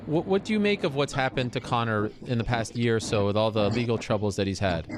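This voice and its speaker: A man's voice: mid-range voice, fast talker, noisy background. A man hosting an interview, asking probing questions to a guest on a call. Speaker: interview host.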